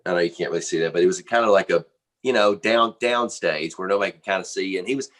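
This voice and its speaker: Low-voiced man telling a rambling anecdote. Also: quick pace, fairly bright tone. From United States. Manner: rambling storyteller, many fillers and restarts, laughs often. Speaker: guest musician, drummer. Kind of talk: casual anecdote in an interview.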